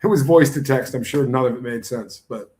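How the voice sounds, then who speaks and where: A man's voice: medium pitch, fairly quick, warm tone. Man co-hosting a casual stream. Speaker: co-host of a livestream. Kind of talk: casual chat and storytelling.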